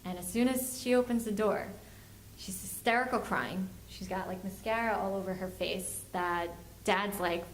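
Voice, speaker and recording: A woman's voice: mid-range voice, fairly even intonation, normal speed. Therapist lady giving a workshop talk, acts out what parents n kids say, roomy echo, bit of hum behind. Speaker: family therapist presenting a workshop. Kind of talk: workshop lecture. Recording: echoey room, faint ambience.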